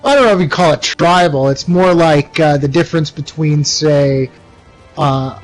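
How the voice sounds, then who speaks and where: A man's voice: a little high, moderate pace, soft background music, low-quality recording. A young man from the United States chatting casually while livestreaming a game, rambling with many fillers and restarts. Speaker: livestreaming gamer.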